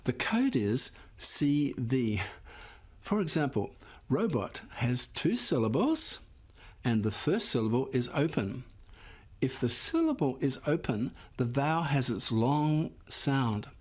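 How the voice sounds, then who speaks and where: A man teaching a phonics lesson, explaining syllable rules patiently and sounding out words slowly and clearly for the class. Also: mid-range voice, sing-song, darkish tone. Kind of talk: slow, clear classroom instruction.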